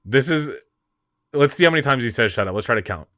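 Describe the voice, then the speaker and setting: A man hosting a casual film show, with a bright, forward voice in a dry room. He rambles through his points, trails off and laughs along the way. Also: mid-range voice, expressive, quick pace, no room sound. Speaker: host. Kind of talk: casual movie talk.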